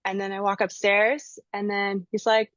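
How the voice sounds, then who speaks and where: A woman's voice: medium pitch, normal speed, no echo. A woman telling a personal story in casual chat, acting out the voices of the people in it. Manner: animated, acts out voices in the story. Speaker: guest sharing a spiritual experience. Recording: slightly dull lo-fi sound.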